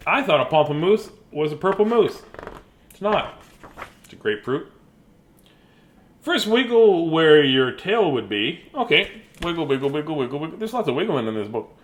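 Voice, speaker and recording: Middle-aged man, playful bedtime-story reader, raised pitch, very lively sing-song delivery, goofy asides. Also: moderate pace.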